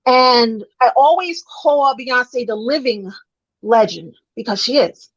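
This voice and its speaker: A Brooklyn-born woman with a high-pitched voice co-hosts a casual gossip livestream, speaking slowly with easy directness and emphatically repeating points for the chat. Her audio is dull and lo-fi, as if from a weak connection.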